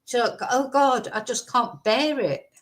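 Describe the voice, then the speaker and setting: A woman's voice: a little high, slow, slight background noise. A middle-aged woman from England, casually reacting to a video in rambling, exasperated commentary full of fillers.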